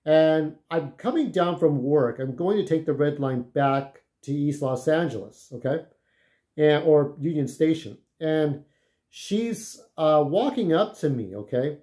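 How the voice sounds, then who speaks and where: A man's voice: a little high, lively intonation, unhurried, mellow. Rambling, profane man telling stories. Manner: rambling, profane, frequent "okay?" checks. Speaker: vlogger. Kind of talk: casual storytelling.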